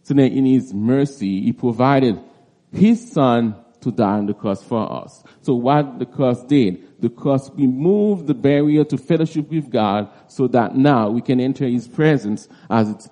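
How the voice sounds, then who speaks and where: A male preacher works through a Bible text at an unhurried pace. His voice is dark and mellow, and his delivery is halting, with words repeated as he restarts his sentences. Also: medium pitch, animated. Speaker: preacher teaching a Bible passage. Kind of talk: expository Bible teaching.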